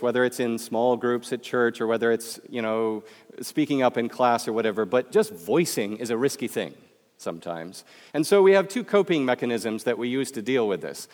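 Speaking with a Midwestern American accent, this Michigan man delivers a public talk in a casual, joking style aimed straight at the audience. His medium-pitched voice is a little mellow, and the room sounds large.

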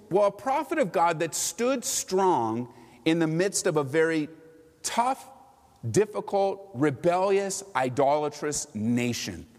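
A man preaching a sermon to his church, animated and full of rhetorical questions. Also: a little high, in a large hall. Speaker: pastor.

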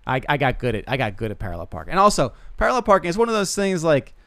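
In a dry recording, a young podcast host with a slightly high, fairly bright voice talks very fast and animatedly. He rambles through self-deprecating comic stories, constantly stammering and restarting.

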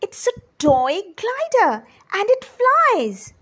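A woman voicing two eager little boys in a storybook, squealing with a high, eager voice. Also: huge pitch swings, measured pace, a bit bright, heavily acted. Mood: gleeful.

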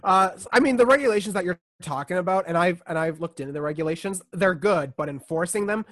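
Rambling, higher-voiced man on a podcast. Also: fast talker, fairly bright tone, dry recording. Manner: rambling, restarts and trails off. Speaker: podcast co-host. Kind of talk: casual sports chat.

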